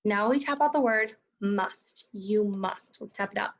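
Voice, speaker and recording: A woman teaching a recorded second grade phonics lesson, enunciating sounds slowly and clearly, praising and prompting her pupils. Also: medium pitch, muffled recording, a little hiss or hum. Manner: slow, clearly enunciated, encouraging teacher talk.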